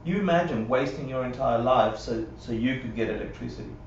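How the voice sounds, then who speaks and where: A man's voice: mid-range voice, brisk, a little hiss or hum. Man teaching a class from far off. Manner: conversational, checks in with "yeah?" and acts out quotes. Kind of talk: live Buddhist class lecture. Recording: roomy, dull livestream audio from a distance.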